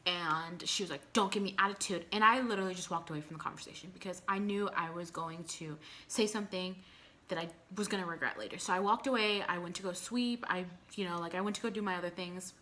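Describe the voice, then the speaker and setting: A woman's voice: on the low side, quick pace. A young woman telling a personal story time on her vlog, speaking animatedly and filling her talk with constant "like"s. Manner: animated storytelling with frequent "like" fillers. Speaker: vlogger.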